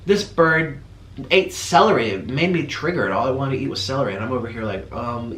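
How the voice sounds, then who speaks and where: A man's voice: medium pitch, expressive, a bit bright. A man speaks to camera in an emotional, casual vlog, his voice breaking as he stops and starts between fillers. The room gives his voice a noticeable echo. A faint hiss sits under the recording. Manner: tearful, halting, with many pauses and fillers. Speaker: vlogger.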